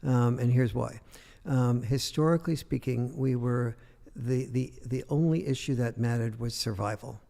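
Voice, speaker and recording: Gravelly older man telling a story. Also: medium pitch, moderate pace, dark tone, in a large hall. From United States. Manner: rambling anecdotal storytelling with many fillers. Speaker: guest author. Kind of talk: storytelling in an interview.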